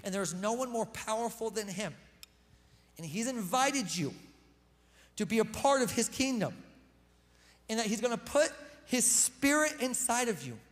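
A man preaching with a strikingly high voice, talking straight to his congregation in an impassioned, conversational way. His words ring out with a long hall reverb behind them. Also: lively intonation, a little slow, long pauses. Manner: impassioned, conversational preaching that acts out quoted speech. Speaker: pastor. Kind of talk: sermon.

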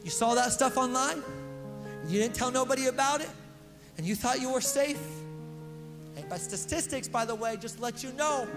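High-voiced man preaching in a reverberant hall. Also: moderate pace, pauses often. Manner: slangy and emphatic, repeats phrases, stumbles over words. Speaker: pastor. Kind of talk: casual conversational sermon. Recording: long hall reverb with music underneath.

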